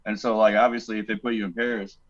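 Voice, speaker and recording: Podcast guest, male veteran, animated storyteller who curses freely and imitates voices, on slightly dull audio. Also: fairly low pitch, quick pace. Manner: animated, swears a lot, acts out quoted voices. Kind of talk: casual storytelling.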